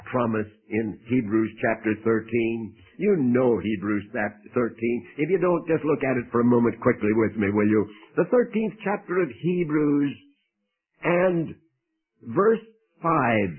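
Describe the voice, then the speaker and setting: Preacher guy, lively emphatic sermon, kinda husky, thin radio sound. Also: measured pace, narrow, tinny audio. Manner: animated, emphatic, dramatic swings of pitch.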